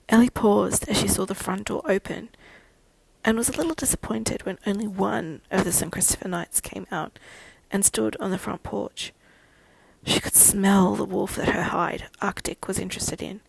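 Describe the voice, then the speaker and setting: A woman narrating a fan fiction audiobook in a steady storytelling manner. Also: medium pitch, normal speed, vocal fry, breathy edge, no echo, rough recording.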